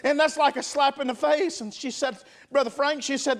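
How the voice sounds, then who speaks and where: A man's voice: very high voice, steady tone, normal speed, a bit bright. A man preaching a revival sermon in a church, emphatic and calling for responses from the congregation. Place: church sanctuary.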